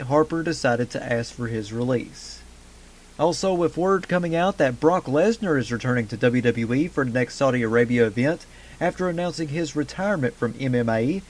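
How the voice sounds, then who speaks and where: A man with a mid-range, darkish voice hosts a wrestling news podcast, reading the day's stories from a script. He delivers the headlines briskly and throws in casual fan asides.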